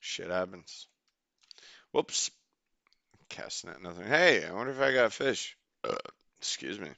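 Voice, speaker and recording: A young man talking his way through a game on stream, rambling and getting excited as things happen. His voice sits low with a gravelly edge and a bright, forceful tone. The sound is close and dry, straight into a desk mic. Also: measured pace, no echo, dull audio. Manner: rambling, excitable, swears casually. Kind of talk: casual gameplay commentary.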